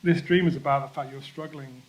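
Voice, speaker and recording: A man preaching a church sermon in a conversational, self-deprecating way, slowing down to stress key points. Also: medium pitch, fairly even intonation, rough recording. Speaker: pastor.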